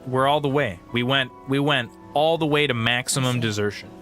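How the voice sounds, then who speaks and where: A man streaming a video game, chatting in an excitable, jokey, rambling way as he plays. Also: medium pitch, fairly quick. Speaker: gaming streamer host. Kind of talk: casual let's-play commentary. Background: game music.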